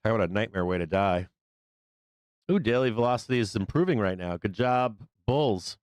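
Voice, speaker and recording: A hoarse man hosting a live trading show, giving loose, profane, rambling market commentary on a close microphone. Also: fairly low pitch, normal speed, a little mellow, dry recording. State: hoarse, losing his voice.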